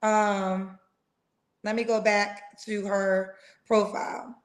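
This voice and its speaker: A woman's voice: medium pitch, level tone, takes it slowly. A woman hosting a live singles dating stream over a video call, chatty and playful, sprinkling in slang like "girl" and "child". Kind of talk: casual live-stream chat.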